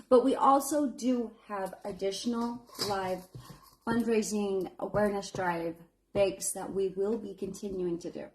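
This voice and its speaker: A woman in her thirties, speaking at a normal speed with a medium pitch and a somewhat dark tone, hosts a live baking stream for a fundraiser as a home baker. She chats casually and encouragingly, calling her viewers honey, and admits she's feeling nervous.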